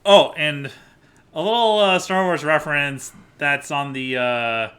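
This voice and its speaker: A man's voice: fairly high pitch, a little slow, bright, forceful tone. A man guest on a podcast, adding film trivia in casual chat. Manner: trivia asides.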